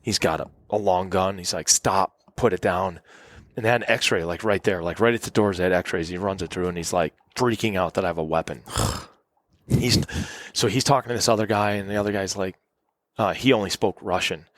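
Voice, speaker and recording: Middle-aged male podcast guest, lowish voice, dry close sound, rambling anecdotal storyteller. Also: a little fast, dry recording. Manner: rambling anecdotal storytelling, acts out quoted people. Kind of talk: casual storytelling interview. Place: cabin.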